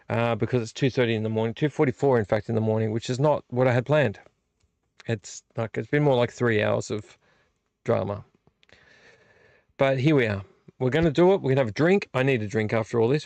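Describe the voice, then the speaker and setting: A man's voice: medium pitch, darkish tone, no room sound. A frustrated, weary man, hosting a casual late-night vlog and rambling in a self-deprecating way with frequent restarts. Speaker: vlog host. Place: home movie collection room.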